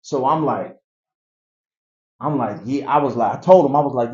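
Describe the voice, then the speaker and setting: Animated man telling a street story. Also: mid-range voice, brisk. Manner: animated, acts out voices of people in the story. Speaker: guest telling his life story. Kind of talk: casual storytelling interview. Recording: echoey, dull room recording.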